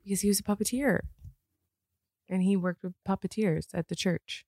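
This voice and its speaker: A woman's voice: mid-range voice, fairly even intonation, normal speed, darkish tone, no room sound, clean studio sound. Woman in casual chat, heavy on "like". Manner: filler-heavy, lots of "like", laughing. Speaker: podcast co-host. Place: in bed at home.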